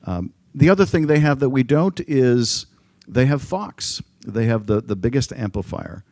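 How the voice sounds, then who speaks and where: A middle-aged congressman answering an audience question at a panel, speaking in a measured way with frequent ums and restarts. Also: medium pitch, expressive, darkish tone, dry recording. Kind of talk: public panel talk. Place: conference room.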